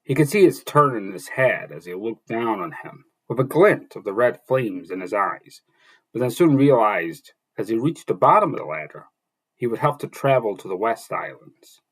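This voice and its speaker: A man reads a fantasy novel aloud with a husky, slightly breathy voice. His pitch rises and falls freely as he narrates, and he stumbles and restarts over words now and then. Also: very animated, a bit bright, low-quality recording. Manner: halting reading with restarts and slips.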